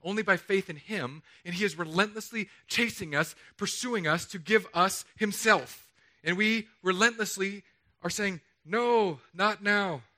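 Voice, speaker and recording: A man in his thirties preaching a sermon from a church stage, animated and jokey, acting out the lines he quotes. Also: high-pitched, moderate pace. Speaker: pastor. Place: church stage under hot lights.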